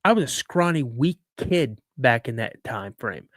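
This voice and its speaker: Middle-aged male storyteller, mid-pitch, dry close mic, acts out yelled dialogue. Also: lively intonation, a little slow, no room sound. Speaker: podcast guest storyteller. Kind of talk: animated storytelling.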